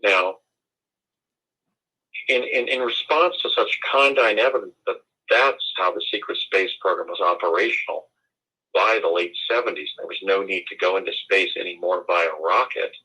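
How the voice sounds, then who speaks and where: Man from the US, interview guest, indignant, formal wording, bright, low voice. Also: moderate pace, breathy edge, low-quality recording. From United States. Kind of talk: conversational interview.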